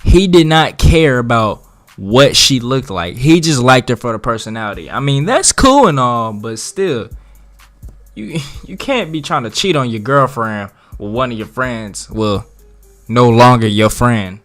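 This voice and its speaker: A man spinning a storytime tale with a middle-pitched voice and heavy slang. He lurches between loud outbursts and low mutters as he tells it, and a little music plays quietly underneath. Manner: profane, slangy, dramatic storyteller with big swings in loudness. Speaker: vlogger telling a story. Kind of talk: casual storytime.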